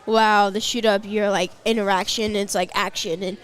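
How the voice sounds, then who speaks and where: A woman's voice: mid-range voice, little pitch movement, normal speed, clean tone. A young woman co-hosting a live stream in a casual, rambling way, full of fillers and giggles, on a close mic. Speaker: livestream co-host.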